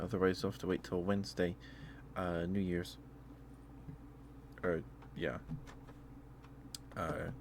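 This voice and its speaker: A man's voice: low-pitched, creaky, slight background noise. A young man chatting as an ASMR streamer, rambling with frequent laughs and restarts. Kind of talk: soft-spoken ASMR live stream chat.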